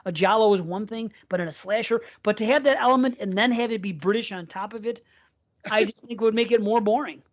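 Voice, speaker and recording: Blunt, profane podcast co-host. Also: male voice, high-pitched, a little fast, dull audio. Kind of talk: casual chat.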